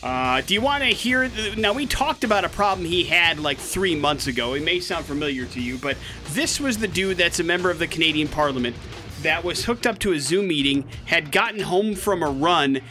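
A man hosting a radio show, telling news stories as a lively storyteller with joking asides. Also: a little high, a little fast, faint music behind. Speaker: radio host. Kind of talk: casual radio banter. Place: radio studio.

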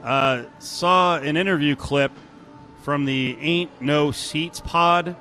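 A man's voice: fairly high pitch, slow pace, sharp tone, soft background music. A man co-hosting a sports radio show, bantering casually with a sarcastic, joking edge.

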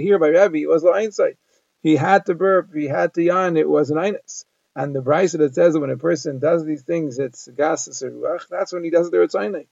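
Gravelly man teaching a Talmud page. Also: a little high, darkish tone, no echo. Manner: translates Aramaic phrase by phrase, explanatory. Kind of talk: daily Talmud lesson. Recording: dull lo-fi dry recording.

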